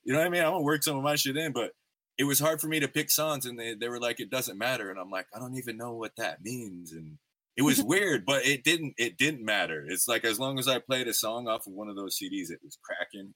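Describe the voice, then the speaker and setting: A man's voice: fairly low pitch, fairly bright tone, no room sound. A man in his thirties hosting a podcast, telling stories in a laid-back, slangy way with lots of fillers. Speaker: podcast host. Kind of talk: casual interview chat.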